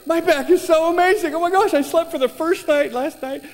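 A woman's voice: fairly high pitch, expressive, fast talker, gravelly, dark tone, voice pushed up. A man voicing a young woman waitress, overjoyed and gushing, talking breathlessly.

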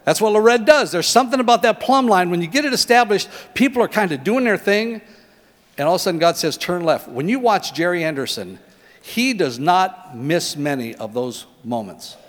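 Give me a middle-aged man preaching an animated, conversational sermon in a hall with a long reverb. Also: high voice, fairly quick. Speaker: pastor.

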